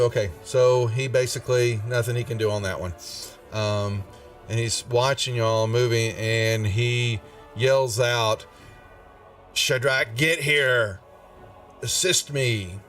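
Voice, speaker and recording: A man's voice: medium pitch, recorded from a distance. A man narrating as game master of a tabletop game, thinking aloud and stopping to check rules as he goes.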